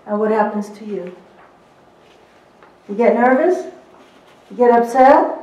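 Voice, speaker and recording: A middle-aged woman lectures a seminar audience, pitched a bit high and full of emphatic, teasing asides. She is miked from a distance. The room rings with a roomy echo. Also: slow pace, warm tone, lo-fi sound. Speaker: seminar presenter for court reporters.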